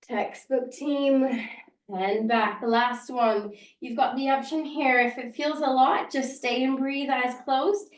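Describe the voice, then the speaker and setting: Female yoga instructor, encouraging, slow-paced cues, a bit far from the mic in a roomy space. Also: high-pitched, steady tone. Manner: encouraging, counting down breaths. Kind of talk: guided yoga class instruction. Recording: roomy sound, distant from the mic.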